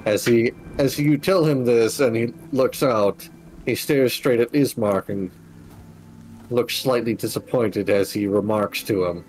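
A man's voice: medium pitch, measured pace, darkish tone, a little hiss or hum, poor audio. A man narrating and describing scenes as game master of a tabletop game.

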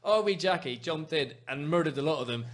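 A Northern Irish man hosts a football podcast in easy casual chat. His voice sits a little high, and he rambles through jokey stories with plenty of asides. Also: animated, fairly quick. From Northern Ireland. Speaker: podcast host.

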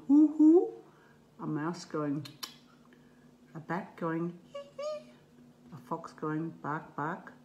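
A woman gently reading her picture book aloud to children, making playful animal noises now and then. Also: low-pitched, slight background noise.

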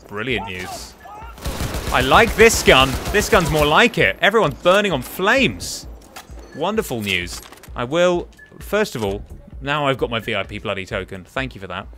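A man's voice: mid-range voice, sing-song, normal speed, sharp tone, faint music behind. A young man giving chatty, exasperated commentary while playing a game. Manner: chatty, exasperated, muttering to himself. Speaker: gaming commentator. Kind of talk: casual let's-play commentary.

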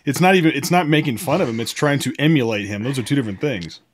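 A man's voice: medium pitch, expressive, fast talker, a little hiss or hum. A man on a podcast panel, explaining himself hesitantly with frequent restarts in casual discussion.

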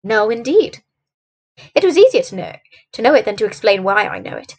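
A woman voicing a conceited, brusque male detective who talks with boastful scorn, in a husky voice. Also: medium pitch, big pitch swings, a little fast. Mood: explaining. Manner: sardonic, boastful.

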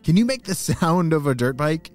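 A man narrating a children's story with a playful, enthusiastic delivery. His voice sits a little high for a man and swoops widely up and down. Faint music plays behind him. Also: very animated, normal speed. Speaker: children's storyteller and podcast host.

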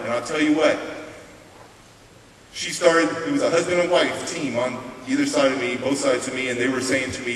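Speaking fairly quickly in a mid-range voice, this middle-aged American motivational speaker recounts his life in a lively, conversational keynote. A distant mic captures him in a big, echoey hall, with a faint hiss underneath.

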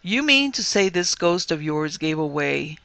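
A curious, pipe-smoking gentleman questions his friend closely, as a man puts him on. The voice is pitched higher than the narrator's, gravelly, and dry. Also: sing-song, unhurried, dry recording, exaggerated voice. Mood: inquisitive. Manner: probing, inquisitive questioning.

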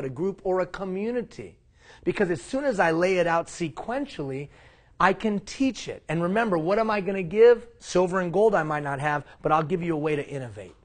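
A man leading a leadership workshop, animated and asking the room questions. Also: sits high. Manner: animated, asks the room questions, acts out mock quotes. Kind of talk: live seminar talk. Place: classroom.

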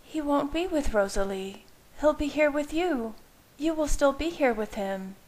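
A woman reader voicing a frightened young pregnant woman who pleads in a strained, high, tearful voice. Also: expressive, a little slow, darkish tone. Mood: desperate pleading.

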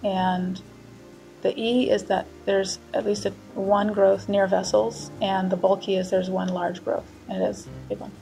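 Flat, mellow woman in a hospital room. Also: medium pitch, measured pace, gravelly, soft background music, poor audio. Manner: flat, steady, matter-of-fact. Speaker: patient vlogging from the hospital. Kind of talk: late-night video diary.

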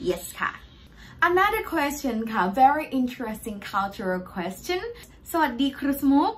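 A woman's voice: high voice, sing-song, very fast, a little hiss or hum. A young woman with a Thai accent, a Thai language teacher answering viewers' questions in a patient, step-by-step way. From Thailand. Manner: patient, explaining step by step with polite particles. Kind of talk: Q&A language lesson.

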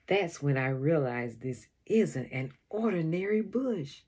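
A woman reads a children's chapter book aloud, unhurried and expressive. Her voice sits a little low and is husky, with a tune that rises and falls widely. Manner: expressive first-person storytelling. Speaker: storybook reader.

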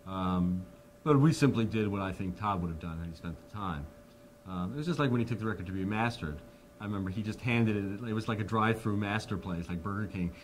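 A man in an interview telling studio anecdotes with animated storytelling, full of ums and restarts. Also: lowish voice, a little fast, slight background noise. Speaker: interviewee, record producer.

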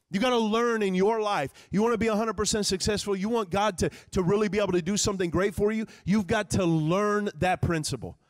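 Male pastor, animated conversational preacher, live church sanctuary with long reverb. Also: high-pitched. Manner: conversational, animated preaching, acts out quoted prayers. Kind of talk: sermon.

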